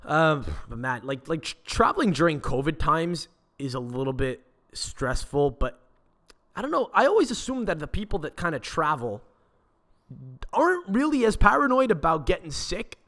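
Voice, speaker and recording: A man's voice: fairly high pitch, sing-song, moderate pace, fairly bright tone. Young man ranting, profane. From Quebec, Canada. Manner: swears constantly, rambling restarts. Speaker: podcast host. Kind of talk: casual profane rant.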